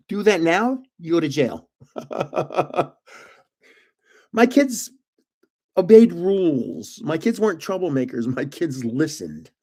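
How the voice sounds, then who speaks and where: Older man, slightly high voice, rambling, chuckling, casual storyteller. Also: a little mellow. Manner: meandering, chuckles at his own stories. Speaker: host of a trading card livestream.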